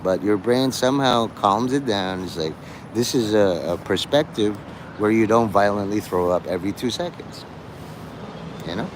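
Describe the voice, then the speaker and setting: A man livestreaming outdoors, chatting to his viewers in a rambling, provocative way with deadpan dark jokes. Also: lowish voice, moderate pace. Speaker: livestreamer talking to chat. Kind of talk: rambling live-stream chat. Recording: street noise in the background.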